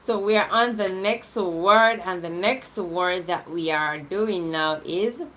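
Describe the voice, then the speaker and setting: A woman hosting a livestream game, reading out viewer comments in an affectionate, lively way and laughing often. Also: lowish voice, a little hiss or hum. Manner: lively and affectionate, laughs often, shifts quickly between loud and soft.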